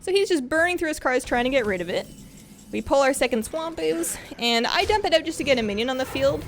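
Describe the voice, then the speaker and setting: A woman's voice: quick pace, a little hiss or hum. A woman giving casual, upbeat commentary over her own card game play, talking the viewer through each move in a chatty, friendly manner. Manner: chatty, upbeat, lively pitch swings. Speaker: gameplay commentator.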